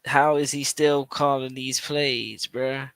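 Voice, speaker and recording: A man's voice: medium pitch, little pitch movement, slow pace, fairly bright tone, clean tone, no room sound. A man hosting a podcast, reacting to a played clip in casual, slangy commentary full of restarts and repetition. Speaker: podcast host.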